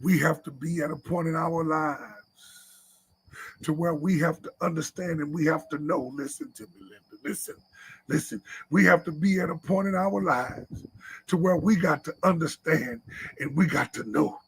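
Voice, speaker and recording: A man preaching a sermon to a men's meeting at church, repeating his points and sometimes shouting. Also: a little high, moderate pace, vocal fry, husky. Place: church live stream.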